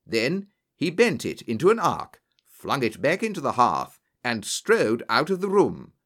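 This man reads a storybook aloud with expression, performing the characters' dialogue in a medium-pitched voice at a slightly slow pace. It is audiobook narration.

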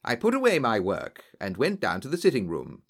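Narrating a storybook as an audiobook, a man reads expressively and gives voice to the characters in their dialogue. His voice is medium in pitch, brisk, and a little rough.

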